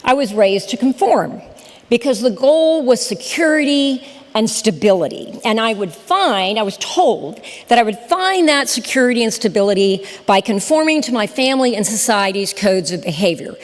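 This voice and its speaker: A woman, telling her story in a lively, chatty speech to a live audience. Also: fairly high pitch, moderate pace. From Southern United States. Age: 60s. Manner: animated, chatty, talks straight to the crowd. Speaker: storyteller and podcast host giving a talk. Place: lecture hall with a live audience. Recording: reverberant hall.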